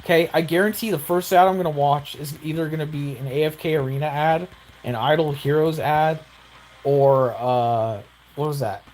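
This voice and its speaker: A young man giving excitable, rambling gameplay commentary with exaggerated outbursts. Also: a little high, normal speed, a little hiss or hum. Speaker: gaming YouTuber.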